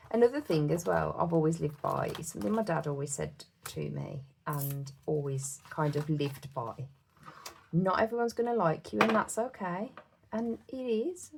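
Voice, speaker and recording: A woman's voice: lowish voice, creaky, darkish tone, slight background noise. A woman with a British accent chatting casually as a budgeting vlogger, giggling often and counting numbers aloud to herself. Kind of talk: casual chat while cash stuffing.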